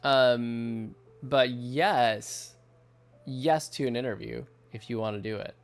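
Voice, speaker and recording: A man in his thirties from the United States chats loosely with his viewers while he draws, rambling and laughing often. His voice has a gravelly edge at a middling pitch. Faint music plays underneath. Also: fairly even intonation, takes it slowly. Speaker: artist streamer. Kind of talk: casual livestream chat while drawing. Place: home studio at night.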